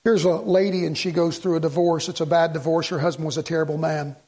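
A middle-aged pastor preaching a sermon in a church sanctuary. His voice sits fairly high for a man. He tells the story as he goes, slips into the voices of its characters, and often repeats or restarts his words. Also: fairly even intonation, quick pace, darkish tone, husky.

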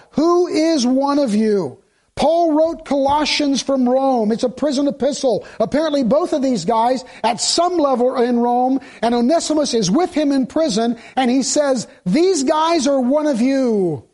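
A male pastor with a high, slightly mellow voice preaches a sermon conversationally, putting questions to the congregation and working in jokes.

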